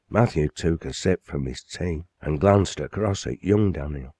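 A man reading his own novel aloud as an audiobook, lifting his voice for the characters' excited speech. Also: unhurried, few pauses, no echo. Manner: lifts pitch and volume for the excited father.

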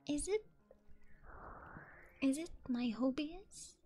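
A woman streaming whispered role-play ASMR as a playful demon catgirl, speaking in soft giggly whispers and teasing her chat on a binaural microphone. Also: high-pitched, lively intonation, slow pace, faint music behind.

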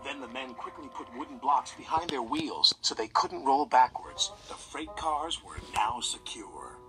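A narrator reading a children's story in a lively, expressive way. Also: mid-range voice, measured pace, poor audio. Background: music.

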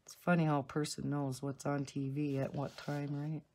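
A woman's voice: deep voice, level tone, moderate pace, darkish tone. A woman hosting a coloring channel, chatting casually and rambling through asides while she colors at home. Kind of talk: casual color-along chat. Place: home, indoors.

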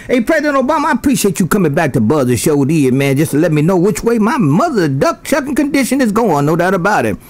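A man's voice: high voice, very animated, fast talker, hardly any pauses. A man chatting over a CB radio, calling out in a sing-song, rhyming patter with catchphrase sign-offs. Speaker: CB radio operator.

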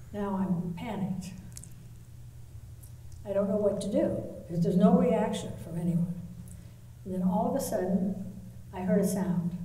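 A woman artist telling a long story in a live talk, pausing often with fillers. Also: medium pitch, mellow, slight background noise. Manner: anecdotal, with pauses and fillers. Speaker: artist interviewee. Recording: echoey hall, mic from far off, faint ambience.

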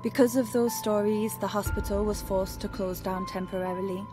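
A woman voicing a calm young woman hunting for her friend. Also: mid-range voice, normal speed, music in the background, natural voice. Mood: uneasy. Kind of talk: game character narration.

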